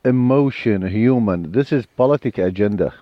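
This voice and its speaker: A low-voiced man speaks earnest, blunt English with grammar. The sound is a little muffled and dry, with faint music underneath. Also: moderate pace, no room sound. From Iraq. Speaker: guest. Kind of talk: casual conversation. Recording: slightly dull with faint music.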